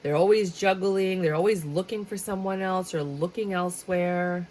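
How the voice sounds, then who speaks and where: A woman's voice: on the low side, fairly even intonation, normal speed, hardly any pauses, noisy background. Chatty dramatic woman reading tarot. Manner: chatty and dramatic, breaks into sing-song bits. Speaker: tarot reader. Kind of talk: casual tarot reading monologue.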